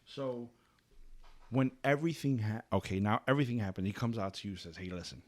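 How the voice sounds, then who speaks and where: A man hosting a casual podcast, chatty and excitable, often cutting in with questions. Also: mid-range voice, brisk. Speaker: podcast host.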